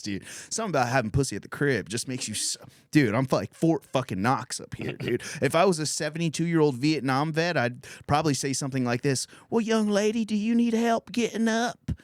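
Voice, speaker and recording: A man's voice: fairly high pitch, sing-song, normal speed, dry recording, clean studio sound. A man in his thirties hosting a podcast, telling a crude comedic story in a profane, rambling way and laughing through his lines. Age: 30s. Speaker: podcast host.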